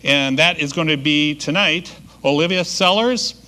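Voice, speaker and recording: A man's voice: fairly high pitch, measured pace, pushed and bright. A man emceeing a live event, telling jokes and introducing dancers in a loose, rambling way on a stage microphone. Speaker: master of ceremonies. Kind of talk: joke-telling emcee patter.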